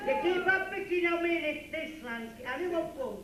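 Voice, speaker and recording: A man doing a high, whiny, tearful bloke. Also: expressive, a little fast, a crowd in the background. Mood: whining. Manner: stammering, sobbing complaints. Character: whiny, tearful grown man in boxing gloves. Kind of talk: live club comedy double act. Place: working men's club stage. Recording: echoey club recording from far off. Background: live audience.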